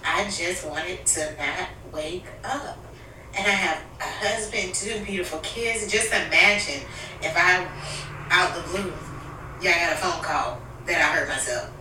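A woman's voice: on the low side, a little slow, noisy background. A woman telling a personal story in a candid, emotional family conversation. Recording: echoey room, mic at a distance.

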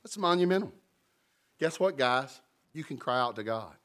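A man preaching a sermon, animated and humorous, with sudden jumps in pitch. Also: moderate pace. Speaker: pastor.

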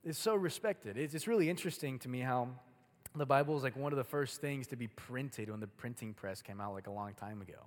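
A man's voice: mid-range voice, fairly quick. A young man preaching a casual, chatty sermon to a youth group, using a lot of filler words. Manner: casual, chatty, heavy use of "like". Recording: long hall reverb.

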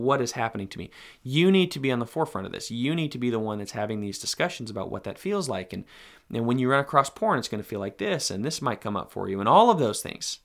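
A man's voice: on the low side, a bit bright. A man hosting a podcast, giving earnest, direct advice to fathers in a conversational monologue. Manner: earnest, direct, speaks to fathers in second person. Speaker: podcast host.

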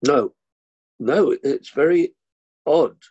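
An older actor from Kilburn in London, telling anecdotes in an interview with animated, acted-out asides. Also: male voice, fairly high pitch, slow pace, husky, muffled recording. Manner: animated, acts out the people in his anecdotes. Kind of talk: anecdotal storytelling.

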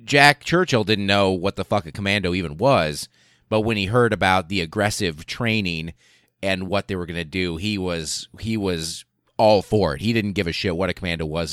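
A low-voiced man hosts a podcast, telling history in a loose, profane, animated way. His voice sits deep, and the recording is close and dry with no room sound. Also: clean tone, no echo. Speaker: podcast host. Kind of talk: casual history storytelling.

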